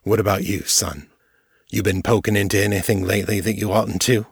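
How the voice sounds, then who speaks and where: A male narrator voicing a weary captive man who drawls in a deep bass voice. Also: steady tone, brisk, no room sound, clean studio sound. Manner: drawling, gruff.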